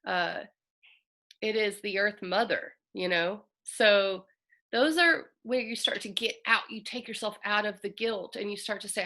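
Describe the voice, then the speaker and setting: A woman astrologer talking earnestly and reflectively, with a bright, forward tone and a gravelly edge of vocal fry. Her casual delivery carries open emotion. She sounds like a host speaking straight to her listeners. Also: medium pitch, steady tone, measured pace. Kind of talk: casual spoken astrology talk.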